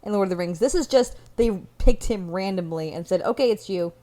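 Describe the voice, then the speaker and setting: A woman's voice: mid-range voice, animated, fairly quick, mellow. A woman co-hosting a podcast, chatting about a movie, often restarting and repeating words, with incredulous asides. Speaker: podcast co-host. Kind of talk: casual movie recap chat.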